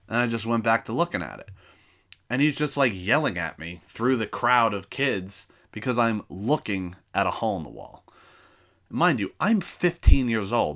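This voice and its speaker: A man hosting his own podcast, telling a high school story in casual, profane chat and acting out both sides of the dialogue. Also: normal speed. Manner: profane, animated anecdote telling with acted-out dialogue. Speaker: podcast host.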